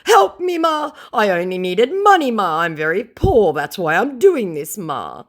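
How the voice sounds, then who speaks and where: A woman's voice: mid-range voice, sing-song, unhurried, voice pushed up. A woman voicing a begging young male scammer who keeps pleading for help and calling her ma'am. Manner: pleading, repeatedly saying ma'am.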